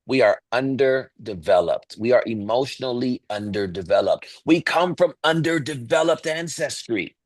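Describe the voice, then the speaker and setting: A man's voice: a little high, no echo. Earnest, preachy man in a dry booth. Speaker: podcast co-host. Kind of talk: casual podcast talk.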